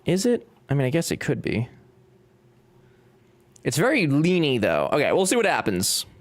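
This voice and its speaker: A young man from Louisiana streams a build, his Cajun-accented voice on the high side with huge pitch swings at a moderate pace. He chats casually, cracks jokes and reads the chat aloud.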